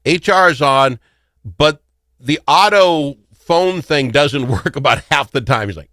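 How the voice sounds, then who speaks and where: Lively, joking talk radio host. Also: male voice, on the high side, moderate pace, dry recording. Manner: rambling, joking storyteller who laughs often. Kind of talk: casual talk radio chat.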